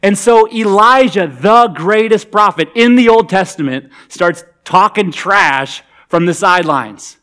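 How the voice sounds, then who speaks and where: A man's voice: high voice, animated, a little slow, hardly any pauses, fairly bright tone. A man preaching a sermon in a conversational, humorous, emphatic way. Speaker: pastor.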